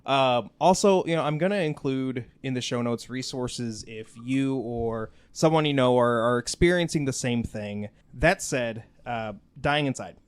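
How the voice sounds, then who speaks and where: A man's voice: mid-range voice, measured pace, few pauses, clear, resonant tone. Rambling man hosting a casual podcast. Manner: rambling, lots of "like" and "you know". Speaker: podcast host.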